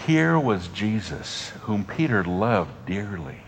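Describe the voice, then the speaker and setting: Deep-voiced man preaching with soft, dramatic drops. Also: very animated, slight background noise. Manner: dynamic preaching, drops to soft near-whispers, long dramatic pauses. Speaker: pastor. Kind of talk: sermon.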